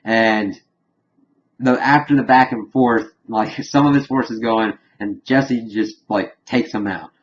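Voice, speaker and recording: A man giving a casual, rambling spoiler recap of a TV episode, animated and chuckling as he retells scenes. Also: on the low side, a little slow, lo-fi sound. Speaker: TV episode reviewer.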